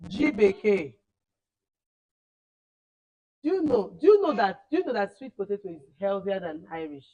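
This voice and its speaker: Animated woman teaching children. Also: medium pitch, a little fast, dull audio. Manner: animated, repeats words for emphasis. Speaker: camp teacher.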